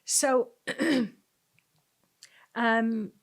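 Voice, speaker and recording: A woman's voice: on the high side, fairly even intonation, very slow. A middle-aged woman, a spiritual teacher, telling a personal story in an earnest, conversational way with frequent fillers.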